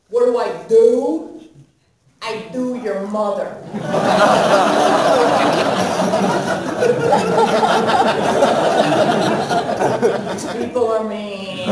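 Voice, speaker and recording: A woman doing a stand-up comedy set, with a brash, punchy delivery, acting out her comebacks in a raised voice. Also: high-pitched. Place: comedy club stage. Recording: distant, echoey live club recording with loud crowd and noise. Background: audience laughter.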